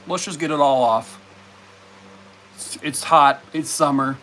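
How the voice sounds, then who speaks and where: A man's voice: fairly high pitch, measured pace, fairly bright tone, slight background noise. A man live streaming from home, chatting casually and playfully scolding and baby-talking his dogs. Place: home in Arizona.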